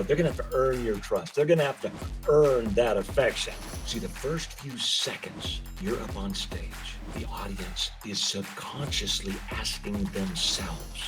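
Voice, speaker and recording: A man who works as a speaker coach, presenting a webinar on public speaking, animated and addressing the listener with frequent questions. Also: medium pitch, moderate pace, soft background music.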